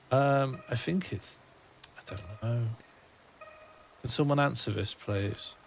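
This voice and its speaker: A man's voice: medium pitch, takes it slowly, gravelly, long pauses. A man, streaming a game and rambling wryly to himself and his chat. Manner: musing, rambling self-talk, wry. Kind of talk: casual gaming livestream chat.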